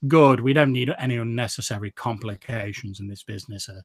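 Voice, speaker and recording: A man's voice: mid-range voice, brisk, slightly rough, no echo, studio quality. A man voicing a commanding crime boss who speaks in curt, controlled orders. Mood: cold.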